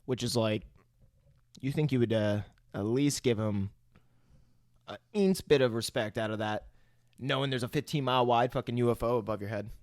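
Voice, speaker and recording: A man's voice: medium pitch, normal speed, dry recording, studio quality. A man co-hosting a podcast, chatting casually about a movie, laughing often and swearing. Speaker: podcast co-host. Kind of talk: casual movie recap chat.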